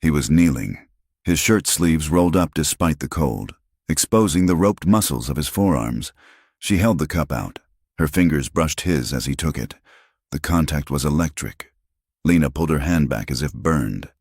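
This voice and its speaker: Very deep-voiced male audiobook narrator. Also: lively intonation, normal speed, a little mellow, slightly rough, dry recording, clean studio sound. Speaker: storyteller.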